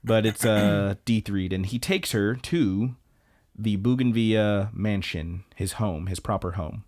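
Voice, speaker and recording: A man's voice: lowish voice, measured pace. A man co-hosting a podcast, casually recapping anime episodes and acting out what the characters say. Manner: retells scenes, acting out character lines; relaxed, conversational with hesitations. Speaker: podcast co-host.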